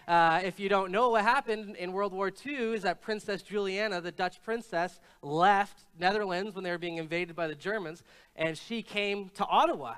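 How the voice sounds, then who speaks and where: A man delivers a sermon with a higher-pitched voice than most men. His voice is smooth and clear. He speaks in an easygoing, storytelling way and often pauses on fillers. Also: fairly bright tone. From Canada. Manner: conversational storytelling with frequent filler hesitations. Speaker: pastor.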